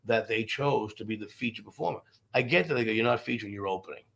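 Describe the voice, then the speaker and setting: Brief: male comic, rapid-fire, gravelly, swears freely while spinning long stories. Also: fairly low pitch. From Boston. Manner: profane, animated, rambling anecdotes. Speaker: stand-up comedian guest. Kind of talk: casual storytelling interview.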